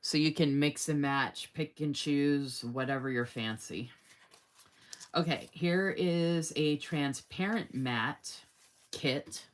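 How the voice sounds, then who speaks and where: Speaking slowly in a low-pitched voice, this woman runs a casual live stream showing off planner stickers. She's gushing and enthusiastic, reads comments from viewers aloud, and keeps saying "oh my gosh."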